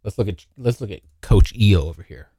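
A man hosting a casual solo podcast, joking and swearing, now and then yelping into high silly voices. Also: brisk, breathy edge, no room sound, clean studio sound. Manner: animated, swearing, jokey, yelps into high voices. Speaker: podcast host. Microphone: hot close mic.

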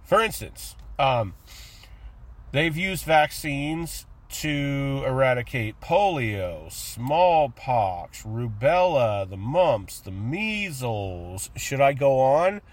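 A man rants through a casual podcast monologue, sarcastic and swearing freely. He talks slowly, leaning on his words. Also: medium pitch, very animated. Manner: profane, sarcastic, acts out mocking voices. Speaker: podcast host.

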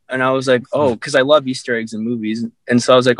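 A man's voice: mid-range voice, fairly even intonation, fast, no echo. A young man chatting casually on a podcast, telling rambling stories and laughing at himself. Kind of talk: casual chat.

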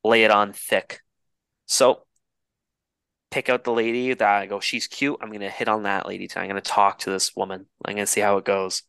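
A man's voice: fairly low pitch, flat delivery, fairly quick, creaky, a bit bright, clean tone, no room sound. Young man telling a rambling profane story. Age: 20s. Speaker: podcast co-host. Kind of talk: casual storytelling chat.

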